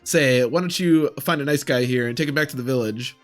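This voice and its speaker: A man's voice: mid-range voice, extremely slow, pushed and bright, soft background music. Man doing a cheery folksy old soldier. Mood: hearty. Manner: cheery, encouraging.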